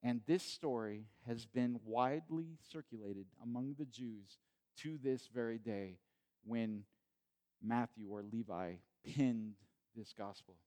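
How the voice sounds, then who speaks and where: A man preaching a sermon in a conversational way, retelling the scene with animated asides. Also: mid-range voice, slow pace, smooth. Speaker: pastor.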